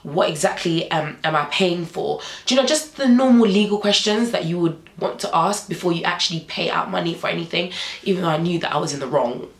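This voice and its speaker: A woman's voice: lowish voice, fairly quick, gravelly, roomy sound, low-quality recording. A young woman vlogger telling a story animatedly, acting out the dialogue.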